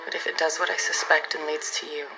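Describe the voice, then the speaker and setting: A woman's voice: low-pitched, flat delivery, quick pace, gravelly, music in the background, rough recording. An actress playing an earnest, dignified young noblewoman, heard in a TV clip over a background score. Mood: solemn.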